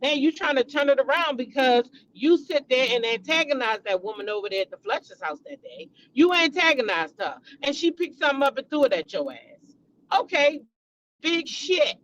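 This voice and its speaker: High-voiced female commentary host, blunt, profane, heated; AAVE speech. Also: animated, moderate pace, a bit bright, slight background noise, low-quality recording. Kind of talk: casual commentary vlog.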